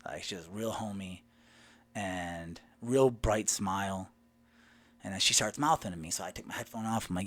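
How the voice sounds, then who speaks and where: A man telling a personal story in a lively way, retelling the dialogue line by line. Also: on the low side, a little fast. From Southern United States. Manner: animated, retells dialogue with "I go" and "she goes".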